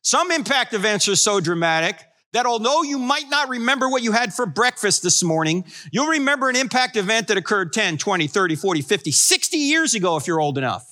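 Sixties male apologist with a high, bright voice; wisecracking storyteller for a room. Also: sing-song, fairly quick, few pauses. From New Jersey. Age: 60s. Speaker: Christian apologetics speaker. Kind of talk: humorous live talk to an audience. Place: room with a live audience.

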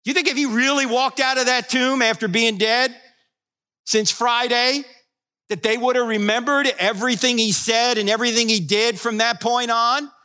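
A man's voice: very high-pitched, steady tone, moderate pace, pushed and bright. A man in his sixties from New Jersey giving a humorous talk on faith to a live audience, telling stories and acting out quoted voices. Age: 60s. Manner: storytelling, acts out quoted voices, wisecracking. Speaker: Christian apologetics speaker.

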